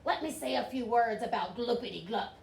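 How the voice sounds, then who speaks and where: A woman's voice: animated, measured pace, vocal fry, distant mic, exaggerated voice. A woman voicing a small, grumpy male forest creature who scolds and coughs, in a storybook reading. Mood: scolding. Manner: scolding, high and loud, coughing. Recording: roomy with faint hiss.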